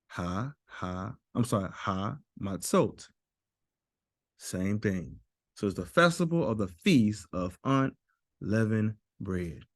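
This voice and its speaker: A man teaching a Bible lesson while sharing his screen, slowly repeating and stressing Hebrew words. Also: medium pitch, no room sound, clean studio sound. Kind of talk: screen-share scripture lesson.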